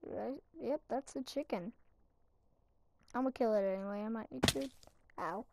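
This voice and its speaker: A woman's voice: a little high, moderate pace, creaky, a little mellow, slight background noise. Chatty young woman gaming. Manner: chatty, rambling, self-mocking with laughs. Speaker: gaming channel host. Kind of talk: casual Minecraft commentary.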